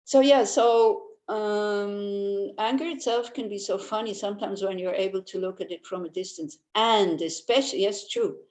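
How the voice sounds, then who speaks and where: Older female Buddhist teacher, mid-pitched, humorous, chatty storyteller, echoey room. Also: moderate pace. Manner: chatty and anecdotal, with frequent restarts; warmly humorous, laughs easily. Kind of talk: informal Dharma teaching. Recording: roomy echo.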